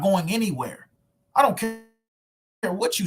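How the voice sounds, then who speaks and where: A man delivers a sermon to camera in a loose, emphatic street manner, firing off rhetorical questions. His voice sits a little high and has a husky, rough-edged tone. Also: lively intonation, normal speed, a bit bright. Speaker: preacher. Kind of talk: street preaching sermon video. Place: at home recording himself with screen share.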